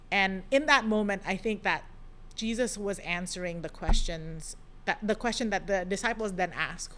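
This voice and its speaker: A woman hosting a podcast, giving a thoughtful devotional reflection in a gentle manner, pausing often with soft ums. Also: medium pitch.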